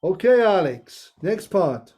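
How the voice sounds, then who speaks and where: A man leads a group through a scripture story, reading slowly with unhurried pauses. His voice sits high yet sounds soft and mellow. He breaks off now and then for playful asides. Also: very animated, slightly rough.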